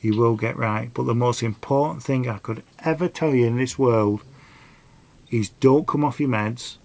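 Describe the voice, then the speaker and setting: A man's voice: mid-range voice, moderate pace, creaky, a little mellow. A middle-aged man, telling a rambling personal story and giving earnest advice in a casual vlog. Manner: rambling, earnest, dialect grammar. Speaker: vlogger.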